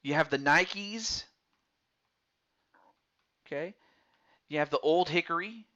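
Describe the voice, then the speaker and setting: A man's voice: a little high, slow pace, bright, forceful tone, muffled recording. A man casually talking through a baseball game's character creation menus, reading out choices to a viewer as he picks them. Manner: chatty, talks through menu choices aloud. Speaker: streamer. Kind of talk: casual game commentary.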